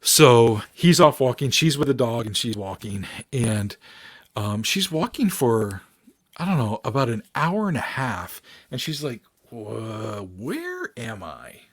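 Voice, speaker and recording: Husky man telling an animated story. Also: medium pitch, unhurried. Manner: animated storyteller acting out quoted voices. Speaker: podcast guest, paranormal researcher. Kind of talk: casual storytelling chat.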